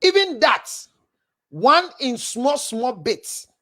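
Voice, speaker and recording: A man's voice: extremely high pitch, sing-song, slow, fairly bright tone. A man with a Ghanaian accent, a counselor hosting a livestream, animatedly scolding while reading viewer messages aloud. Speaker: counselor and show host.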